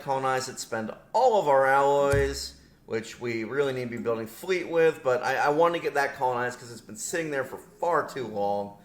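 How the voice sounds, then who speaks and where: A man casually commentating his strategy game with his headset on, rambling and correcting himself, laughing often. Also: medium pitch. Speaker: gameplay commentator. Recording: roomy echo.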